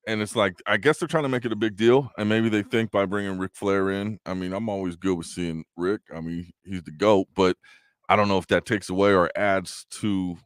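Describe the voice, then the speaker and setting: A man's voice: sits low, fairly bright tone, smooth, no room sound, studio quality. Tired, laid-back male radio co-host. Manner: laid-back, laughing, loose slangy talk. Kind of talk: casual radio chat.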